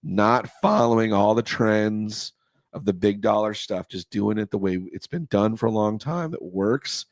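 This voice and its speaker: A man's voice: lowish voice, measured pace, dry recording. A man co-hosting a casual car show chat, rambling with many restarts and losing his voice. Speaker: co-host, custom car builder.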